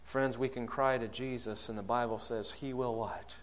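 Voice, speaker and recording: A man's voice: steady tone, moderate pace. Man preaching a sermon. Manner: rises loud and high when acting out quoted prayers, drops low and soft on key lines; asks the congregation questions.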